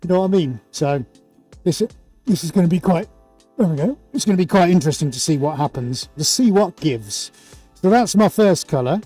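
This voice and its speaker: High, mellow-voiced chatty man hosting a livestream. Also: lively intonation, brisk, no echo, soft background music. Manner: chatty, playful, greets viewers by name. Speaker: livestream host and painter. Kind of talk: casual livestream chat.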